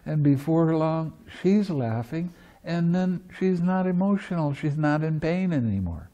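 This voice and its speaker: A man's voice: fairly high pitch, expressive, measured pace, mellow. A man giving a dharma talk as meditation teacher at a retreat, teaching playfully and often laughing. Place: meditation center.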